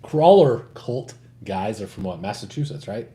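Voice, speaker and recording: A man's voice: fairly low pitch, expressive, moderate pace, dark tone. A man co-hosting a casual hobby livestream, chatting in a laid-back, joking way and swearing now and then. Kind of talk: casual chat while working on a build.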